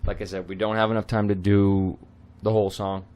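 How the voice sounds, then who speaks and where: A man explaining song lyrics line by line as a tutor. He is hesitant, often pausing on ums and clearing his throat. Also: fairly low pitch, little pitch movement, mellow.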